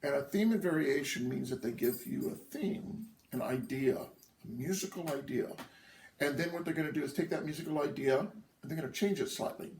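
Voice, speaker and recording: Patient drum teacher, gravelly and roomy. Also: male voice, fairly high pitch, brisk, a little mellow, slight background noise. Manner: patient, counts rhythms aloud, checks in with "okay?". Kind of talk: instructional lesson. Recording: echoey room, voice from a distance.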